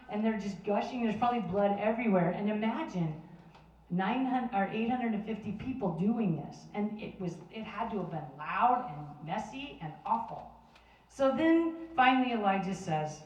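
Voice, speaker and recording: A woman's voice: lowish voice, moderate pace, darkish tone, muffled recording. A woman retelling a Bible story in a casual, chatty sermon, with restarts and fillers. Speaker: Bible teacher. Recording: roomy sound from a distant mic.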